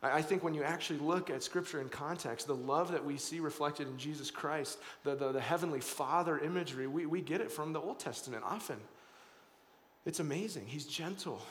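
Earnest pastor preaching in an echoey hall. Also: male voice, on the high side, a little fast, fairly bright tone, slight background noise. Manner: earnest, conversational, with frequent repeated words and restarts. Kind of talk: sermon.

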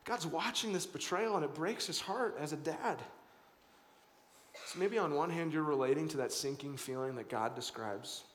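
A man's voice: on the high side, moderate pace, fairly bright tone. A man in his thirties preaching a sermon as pastor, earnest and conversational, often repeating words as he restarts. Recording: echoey hall.

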